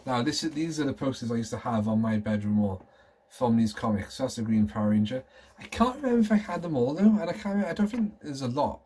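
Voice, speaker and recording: Man, 30s, collector vlogger, excitable rambling chat, mid pitch, slight background noise. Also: quick pace. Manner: rambling, enthusiastic, nostalgic. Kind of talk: casual show-and-tell chat.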